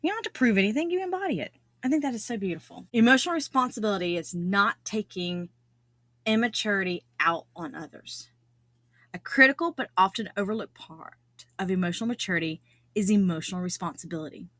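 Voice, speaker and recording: A woman's voice: medium pitch, expressive, a little fast, a bit bright, dry recording. A middle-aged woman hosting a solo self-improvement podcast, talking earnestly and repeating key phrases for emphasis. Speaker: podcast host.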